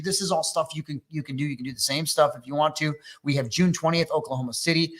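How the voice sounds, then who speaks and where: A man's voice: on the high side, bright, forceful tone. A man from Wisconsin hosting a business coaching webinar, talking loosely and joking with fillers. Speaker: webinar host and MSP coach. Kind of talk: energetic webinar talk.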